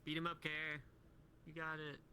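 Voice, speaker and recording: A man's voice: on the high side, monotone, normal speed, background noise. A man in a casual roleplay chat, talking eagerly and playfully.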